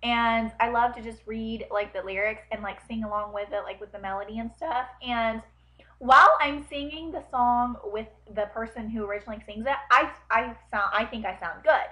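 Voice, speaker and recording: A woman's voice: fairly high pitch, moderate pace, sharp tone. A young woman with a slight twang, rambling through tag questions in a chatty way, full of ums and likes. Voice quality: slight twang on her words. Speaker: vlogger. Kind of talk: casual chat answering tag questions. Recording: dull lo-fi webcam audio.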